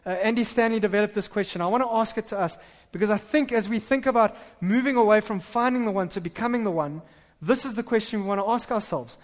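Male pastor, sermon, high voice, long hall reverb, animated, stammering restarts. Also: quick pace, hardly any pauses.

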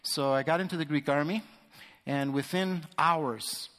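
A man's voice: a little high, a little slow, fairly bright tone. A man sharing a personal testimony as a guest speaker in church, telling the story vividly and acting out the voices of the people in it. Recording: echoey hall reverb.

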